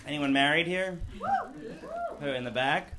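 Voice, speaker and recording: A young man doing a stand-up set on a comedy club stage, working the crowd with deadpan asides. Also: on the high side. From Long Island, New York. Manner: crowd-work, deadpan asides, quick self-corrections. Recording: loud background noise in live club.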